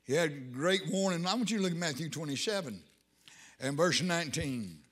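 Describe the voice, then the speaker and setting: A man's voice: fairly high pitch, lively intonation, a little fast, a bit bright. A man preaching a sermon in an emphatic, rising style, with folksy Southern grammar.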